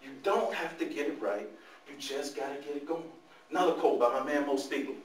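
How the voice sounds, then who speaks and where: Lively man speaking to youth in an echoey room. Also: a little high, a little fast. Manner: animated storytelling, talks to the audience. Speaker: motivational speaker. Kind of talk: motivational talk to youth. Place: large room, speaking to a live audience. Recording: echoey room, mic far off.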